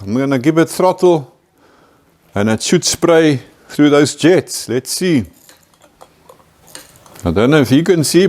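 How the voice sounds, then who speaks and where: A South African man hosts a casual workshop vlog about restoring an old truck, chatty and upbeat, often finishing his lines with "eh." His voice is medium-pitched and a little mellow.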